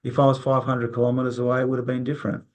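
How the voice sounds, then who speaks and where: A man's voice: medium pitch, completely flat delivery, rapid-fire. A man in an interview, telling stories in a rambling, casual way, repeating words and acting out quoted dialogue. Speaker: interview guest, resilience consultant.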